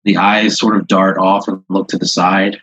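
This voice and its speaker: A man improvising a second-person story to a guest, halting and full of filler words. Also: sits low, flat delivery, a bit bright, husky, rough recording. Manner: rambling, halting, many "like"s.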